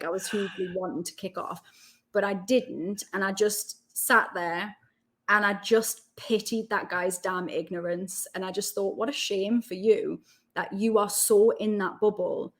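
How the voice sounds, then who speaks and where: A woman with a Geordie accent, chatting as a guest on an interview podcast and telling lively stories. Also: medium pitch. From North East England. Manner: animated storyteller, quick asides. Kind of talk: casual interview chat.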